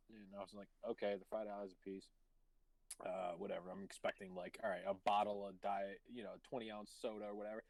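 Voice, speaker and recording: A man's voice: on the low side, fast, a little mellow, no echo, low-quality recording. A man hosting a live stream and telling casual stories, swearing freely and laughing mid-sentence. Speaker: stream host. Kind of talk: casual chat, telling anecdotes.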